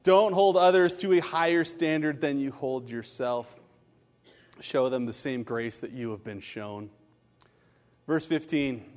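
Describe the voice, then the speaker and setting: A man's voice: medium pitch, measured pace, long reverb tail. A man preaching a sermon as a pastor, telling stories with animation and acting out the quotes. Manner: animated storytelling, acts out quotes.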